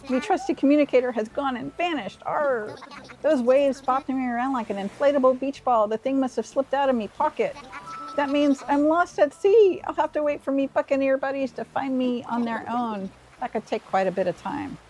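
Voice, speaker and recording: A woman's voice: sits high, normal speed, a little mellow, pitched above the performer's own voice, natural voice, poor audio. A woman voicing a blustery, pun-loving male seagull who talks like a pirate, growling "arr" as she reads his lines from a game. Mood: hammy pirate.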